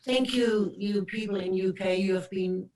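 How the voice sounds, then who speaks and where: A woman in her seventies with a German accent, telling rambling, animated stories as an actress guest. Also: mid-range voice, normal speed, a little hiss or hum. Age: 70s. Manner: animated, rambling with many restarts. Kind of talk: casual anecdotal storytelling. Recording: roomy, distant from the mic.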